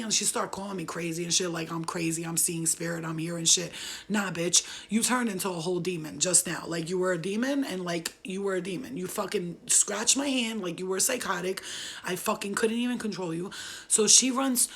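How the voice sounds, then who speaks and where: A woman's voice: fairly low pitch, a little fast, vocal fry, fairly bright tone. A young woman casually telling viewers a ghost story, rambling, swearing and laughing often.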